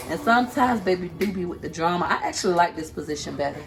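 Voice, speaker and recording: A chatty, teasing vlogger and mother from Tampa, Florida, films herself on a handheld phone in her home kitchen, talking casually to viewers. Her voice is fairly low, expressive and quick. The audio is poor.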